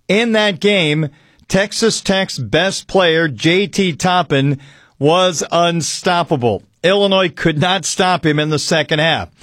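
A man hosting a sports talk radio show with a slightly raised pitch. He talks in a folksy, conversational way and leans on words for emphasis. The studio mic sound is close and dry. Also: slow pace, a bit bright, no room sound. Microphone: studio microphone.

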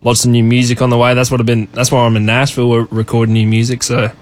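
An easygoing young man with a thick Australian accent talks casually as a musician guest. His pitch sits in an ordinary middle range, and he drops in "man" often. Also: monotone, fast talker. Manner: easygoing, laid-back, says man a lot. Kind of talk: casual radio interview.

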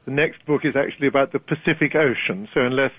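A man's voice: mid-range voice, quick pace, slightly rough, no room sound. An older British man with a British accent, a guest author talking articulately and wryly in a radio interview, laughing easily. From Britain. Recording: tinny dry phone line.

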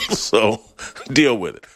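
A man's voice: mid-range voice, very slow, very noisy. A middle-aged man hosting a sports talk show, delivering a blunt, opinionated monologue with frequent laughs and restarts. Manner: animated, blunt, laughs often, restarts mid-phrase.

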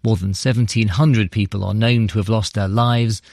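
A man's voice: lowish voice, steady tone, moderate pace, darkish tone, no room sound, clean studio sound. A man presenting a live radio news programme in a fluent, conversational way.

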